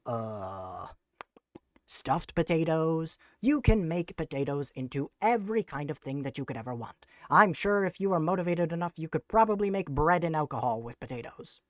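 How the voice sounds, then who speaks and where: A streamer chatting live on a desk mic, using grand, formal, mock-villainous phrasing with sarcastic deadpan jokes. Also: medium pitch, moderate pace, no room sound, studio quality. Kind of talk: casual live-stream chat.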